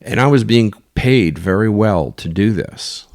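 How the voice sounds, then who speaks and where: A deep-voiced man tells a story on his podcast in an offhand, rambling way. His voice has a gravelly fry to it, and the sound is dry and close. He wanders through asides and restarts, with the odd crude remark. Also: animated, a little slow, darkish tone, dry recording. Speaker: podcast host telling sailing stories. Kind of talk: casual storytelling.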